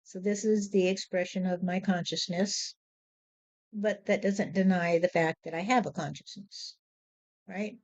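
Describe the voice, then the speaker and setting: A woman speaking as a spiritual medium in a slow, measured way, often repeating "you see.". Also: on the low side, fairly even intonation, darkish tone, highs cut off. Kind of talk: spoken spiritual monologue. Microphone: handheld voice recorder.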